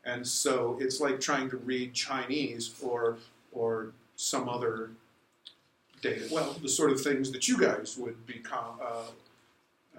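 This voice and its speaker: A man's voice: mid-range voice, a little hiss or hum. A middle-aged man giving a casual university lecture, digressive and full of fillers and restarts. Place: lecture room. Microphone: recorded from a distance in the room. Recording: roomy echo from a distant mic.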